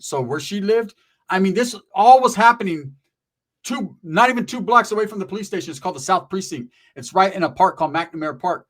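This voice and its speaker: Man, middle-aged, fairly high voice, casual storytelling, street slang, profane, emphatic. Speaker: channel host.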